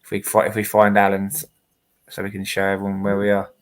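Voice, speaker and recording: A man with a lowish voice leads a casual podcast chat, firing off questions and teasing the others. He keeps it loose and jokey. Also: completely flat delivery, fast talker. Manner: joking, asking questions.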